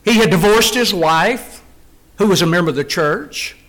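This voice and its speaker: A middle-aged man with a notably high voice for a man, delivering a sermon to a congregation. He speaks earnestly and drives points home by repeating phrases in a row. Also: lively intonation, normal speed, fairly bright tone, low-quality recording. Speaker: preacher.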